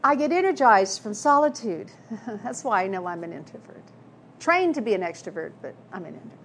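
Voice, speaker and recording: A woman's voice: medium pitch, sing-song, fairly quick, a bit bright, slight background noise. A woman preaching a sermon, telling personal stories in an earnest way with frequent restarts. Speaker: speaker.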